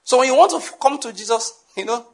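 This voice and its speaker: High-voiced emphatic male preacher. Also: quick pace. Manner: emphatic, repeats key phrases, bursts into shouting. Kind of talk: sermon.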